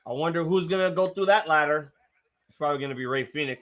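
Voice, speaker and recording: A man hosting a live wrestling watch-along, reacting with excitable, profanity-laced outbursts while his voice gets strained. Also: fairly high pitch, fast. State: voice getting strained.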